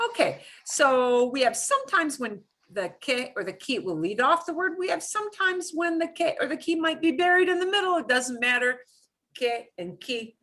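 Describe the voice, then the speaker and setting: Woman teacher for a beginner language lesson, animated delivery, patient and step by step. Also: mid-range voice, husky. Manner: repeats words for students to echo. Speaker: Spanish teacher.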